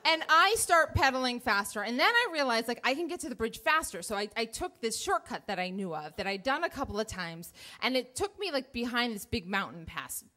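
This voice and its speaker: A woman in her thirties telling a true story on stage, animated, acting out her own panicked thoughts. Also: fairly high pitch, fairly quick, hardly any pauses. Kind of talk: live first-person storytelling on stage. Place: theater stage before an audience.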